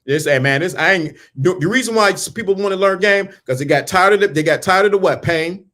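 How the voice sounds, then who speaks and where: Speaking fairly quickly in a high, bright, forceful voice, a man gives a preachy motivational speech about dating and mindset. He's emphatic and repetitive, drops casual slang, and keeps asking the listener questions.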